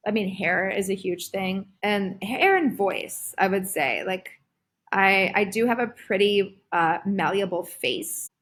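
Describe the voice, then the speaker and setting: A woman in her thirties talking casually as a podcast guest, animated, with lots of "like" and "um". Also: mid-range voice, a little slow. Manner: animated, full of fillers like "like" and "um". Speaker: guest, performer and creative director.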